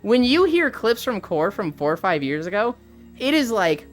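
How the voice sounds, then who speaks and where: Animated swearing streamer with lively pitch. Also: female voice, normal speed, faint music behind. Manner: animated, swears freely, reads chat aloud. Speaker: streamer host. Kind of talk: casual live-stream chat.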